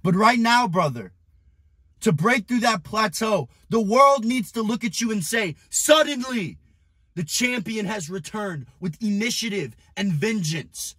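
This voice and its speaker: A young man coaching in an aggressive, profane motivational rant, often shouting at the viewer. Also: high voice, expressive, unhurried, breathy edge, no echo. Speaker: business and fitness coach.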